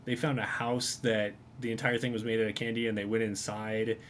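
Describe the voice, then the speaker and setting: A man's voice: on the low side, level tone, a little fast, fairly bright tone, a little hiss or hum. A man casually narrating as game master of a tabletop game, rambling with frequent fillers.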